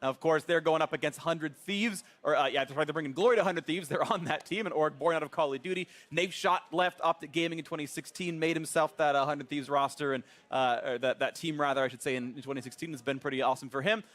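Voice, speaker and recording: A man casting a live esports match, energetic and joking as he introduces the teams. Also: on the high side, fast talker, few pauses. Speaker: esports caster.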